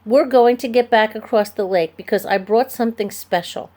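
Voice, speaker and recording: A woman's voice: fairly high pitch, normal speed, darkish tone, natural voice. A woman voicing a plucky young girl who talks earnestly and insistently in a storybook reading.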